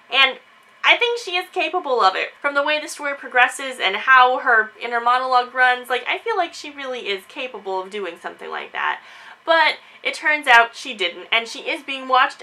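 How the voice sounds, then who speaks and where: A woman chatting casually in a book discussion vlog, animated and quick to act out quotes. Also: high-pitched, low-quality recording. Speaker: book reviewer.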